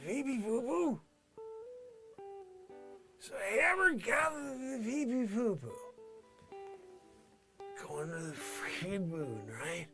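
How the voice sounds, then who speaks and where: Brash high-voiced man improvising comedy. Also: gravelly, fairly bright tone. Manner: rapid character switching, brash salesman bravado. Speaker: comedy show host.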